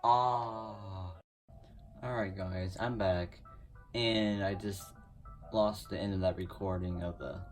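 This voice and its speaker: A man giving casual commentary over his own gameplay, excitable and prone to groaning and pleading at the game. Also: fairly low pitch, far from the mic. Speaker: gaming YouTuber. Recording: voice a bit off-mic over loud game music. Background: video game music.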